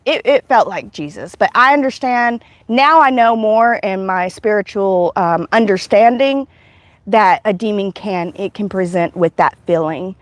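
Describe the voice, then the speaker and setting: This livestream host, a woman with a medium-pitched voice, recounts a spiritual testimony in an emotional, meandering way, often starting over. The recording is dry.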